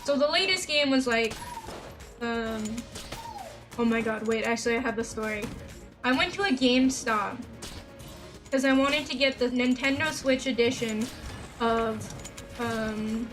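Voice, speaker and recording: A woman's voice: a little high, a little slow, long pauses. A woman streaming a game, chatting casually and sarcastically with viewers, rambling between stories and sounding a little worn out. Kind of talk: casual gameplay commentary. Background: background game music.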